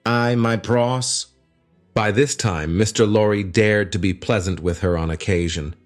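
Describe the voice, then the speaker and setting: A man narrating a classic novel as an audiobook in a measured storytelling manner. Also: low-pitched, steady tone, soft background music. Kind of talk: scripted narration.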